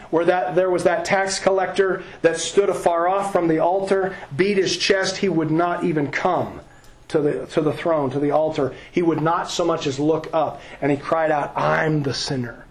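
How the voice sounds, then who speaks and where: High-voiced man preaching earnestly. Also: rough recording. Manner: earnest, emphatic preaching with repeated phrases and questions to the congregation. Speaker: pastor. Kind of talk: sermon.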